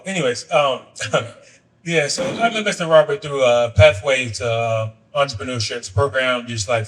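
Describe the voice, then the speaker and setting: A man's voice: mid-range voice, a bit bright, far from the mic, rough recording. A man hosting a podcast and talking loosely with lots of fillers as he moves between questions. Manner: loose, rambling, uses many fillers. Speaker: podcast host. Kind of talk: casual interview.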